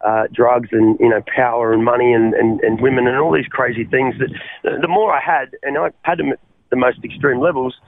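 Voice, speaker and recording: This Australian radio guest recounts his own life in a brisk, fairly even medium-pitched voice, heard on a tinny phone line with a dry sound. Earnest in manner, he trips into restart after restart and addresses the host as "mate" again and again.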